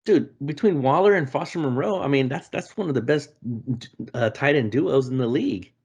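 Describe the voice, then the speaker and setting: A man hosting a podcast in casual sports chat, relaxed and slangy, often agreeing with short "mm-hmm"s. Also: medium pitch, moderate pace, vocal fry, slightly rough, highs cut off. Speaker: podcast host.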